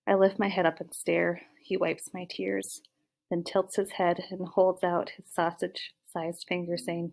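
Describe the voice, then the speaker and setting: A woman narrating a first-person audiobook in an expressive reading voice. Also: fairly low pitch, unhurried, creaky.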